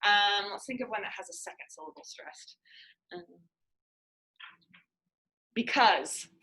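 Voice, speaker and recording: A woman's voice: medium pitch, unhurried, bright, forceful tone, reverberant, low-quality recording. A woman teacher explaining a lesson to students in a classroom, patient and using everyday examples.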